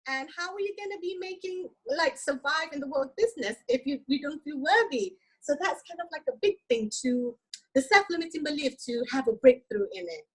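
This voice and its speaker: A woman's voice: high-pitched, animated, fairly quick, poor audio. A woman guest coach chatting enthusiastically in an interview, sprinkling in "like" and tag questions. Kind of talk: casual interview chat.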